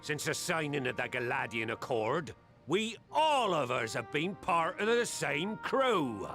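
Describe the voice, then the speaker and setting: An actor playing a grizzled old pirate captain in a game cutscene, speaking in a gravelly, rolling pirate manner with booming declarations. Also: male voice, very animated, unhurried, fairly bright tone, faint music behind, full character voice. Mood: stern.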